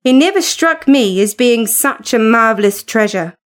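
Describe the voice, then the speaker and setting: A woman's voice: a little high, lively intonation, moderate pace, natural voice. Woman voicing a cross, proper young husband. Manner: cross, huffy.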